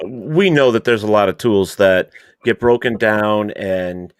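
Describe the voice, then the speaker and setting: A man, a paranormal investigator guest, talking in a halting, rambling way in casual podcast chat. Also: on the low side, smooth, dry recording, studio quality.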